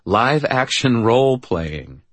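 A man voicing a cheerful, bubbly young woman who speaks brightly and eagerly. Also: mid-range voice, very animated, takes it slowly, dry recording, voice pushed up. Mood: explaining.

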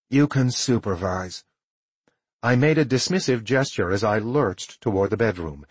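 A man narrating a first-person audiobook in a measured, tired storytelling manner with a husky voice. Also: fairly low pitch, expressive, no echo.

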